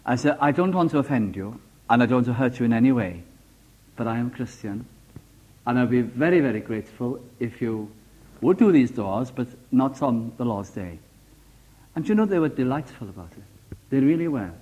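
A Welsh man preaching a sermon, animated and homely, telling a simple story with small jokes. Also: mid-range voice, fairly quick, slightly rough, muffled recording. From Wales.

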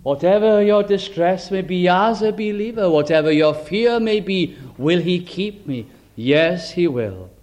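A man delivers a sermon in a high, unhurried voice. He preaches earnestly and tenderly, lingering on emphatic phrases and sinking to a quiet hush when he makes a point. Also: expressive. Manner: drops to a hushed low voice on key words.

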